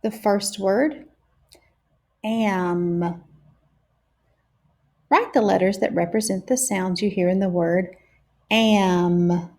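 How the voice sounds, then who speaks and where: A woman teacher leading a phonics lesson for young children, sounding out each word slowly and clearly. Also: medium pitch, darkish tone. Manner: slow and deliberate, stretching out each sound.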